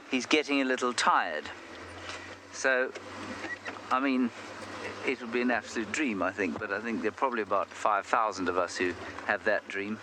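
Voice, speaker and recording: Low-voiced safari guide on a noisy drive. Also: male voice, moderate pace. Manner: chatty, self-deprecating storyteller. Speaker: safari guide and live show host. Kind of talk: live safari commentary, casual chat. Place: outdoors in the bush, on a game drive. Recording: noisy outdoor live broadcast.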